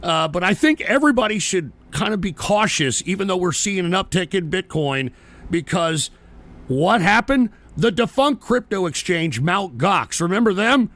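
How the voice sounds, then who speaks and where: A man's voice: high-pitched, expressive, normal speed, fairly bright tone. A man hosting a live-stream show, ranting in casual, profane and combative commentary and mocking viewers who send messages. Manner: talks back to viewer messages.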